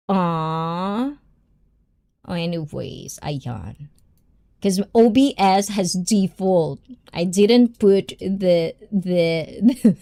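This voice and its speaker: A woman's voice: medium pitch, mellow. A woman hosting a casual livestream, a personal trainer who chats with viewers by name and laughs often.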